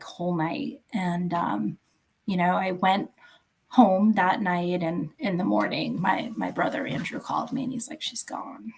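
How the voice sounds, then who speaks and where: Podcast guest: woman, 50s, slow and halting, a gravelly edge, soft-spoken. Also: fairly low pitch. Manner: halting, soft, searching for words. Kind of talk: personal storytelling in an interview.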